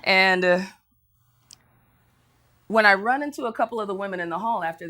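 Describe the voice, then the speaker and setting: A woman's voice: mid-range voice, moderate pace, long pauses, sharp tone. A woman motivational speaker telling a story to an audience, acting out other people's lines and laughing as she goes. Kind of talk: motivational speech.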